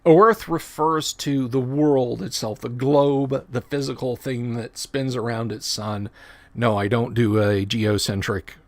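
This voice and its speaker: A man's voice: medium pitch, fairly even intonation, unhurried. A middle-aged man hosting a casual livestream, talking in a rambling, chatty way and often correcting himself mid-sentence. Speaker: livestream host.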